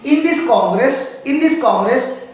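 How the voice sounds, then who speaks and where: A man's voice: extremely high pitch, animated, measured pace, a little mellow. A man teacher with an Indian English accent giving a classroom lecture, repeating key phrases and quizzing his students. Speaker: school teacher. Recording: echoey room, voice from a distance.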